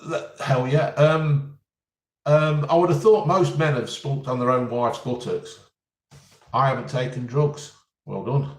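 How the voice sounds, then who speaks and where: A man's voice: mid-range voice, measured pace. A man answering viewers' questions in a casual live stream, blunt and jokey as he reads out each question. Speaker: vlogger answering live chat. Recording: roomy and distant from the mic.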